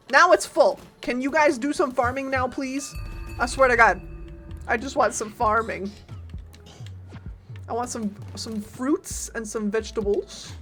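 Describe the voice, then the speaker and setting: A woman streamer giving casual, chatty gameplay commentary, reacting loudly and talking to her chat and her game's followers. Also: fairly high pitch.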